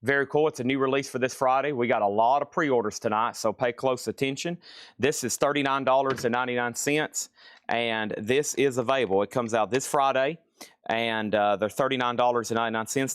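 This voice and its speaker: A middle-aged man hosting a live record sale stream, listing items and calling bids in a brisk, casual patter from a record store. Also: medium pitch, steady tone, smooth, no room sound, clean studio sound. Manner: brisk auctioneer-style listing, casual asides. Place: record store with crates and tables.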